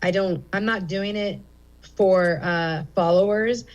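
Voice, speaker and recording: A woman's voice: medium pitch, slow, muffled recording. A middle-aged woman comedian speaking as an interview guest at a comedy theater, candid and rambling with many fillers. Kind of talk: casual interview chat.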